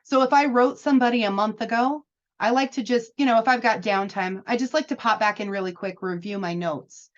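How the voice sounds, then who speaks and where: A woman's voice: mid-range voice, normal speed. A woman coaching new insurance agents in a chatty, upbeat and encouraging way. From United States. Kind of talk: casual advice talk. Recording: slightly dull lo-fi audio.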